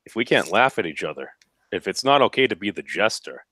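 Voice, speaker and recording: A man's voice: lowish voice, brisk, no echo, clean studio sound. A man rambling animatedly as a panelist on an online video call. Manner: rambling, animated, says frickin'. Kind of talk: casual banter in an online hangout.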